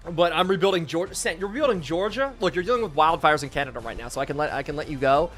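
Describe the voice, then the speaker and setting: A hoarse man in his twenties from Pennsylvania, giving hyped live game-stream commentary and chatting with viewers. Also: fairly high pitch, very fast, fairly bright tone, soft background music. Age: 20s.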